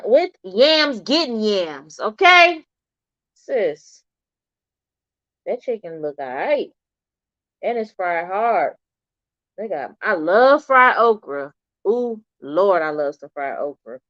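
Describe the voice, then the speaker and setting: A middle-aged woman hosts a livestream, chatting in an animated way and responding to viewers' comments. Her medium-pitched voice is slow with frequent pauses. The dry audio sounds dull and slightly lo-fi.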